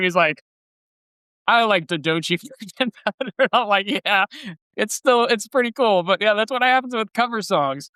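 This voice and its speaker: Male podcast host, rambling and enthusiastic, smooth tone, bone-dry close-miked sound. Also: fairly high pitch, bright, forceful tone, no room sound. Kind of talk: casual podcast chat.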